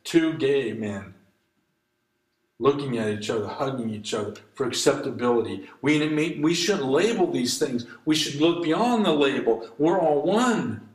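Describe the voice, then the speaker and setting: A man's voice: medium pitch, lively intonation, unhurried, roomy sound, low-quality recording. A man preaching an impassioned sermon, his delivery rising and falling as he reads scripture and exhorts.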